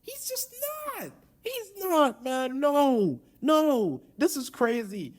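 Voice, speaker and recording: A man doing a loud impression of an indignant male sports TV pundit, full of theatrical outrage. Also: very high-pitched, big pitch swings, slow, voice pushed up, exaggerated voice. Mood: outraged.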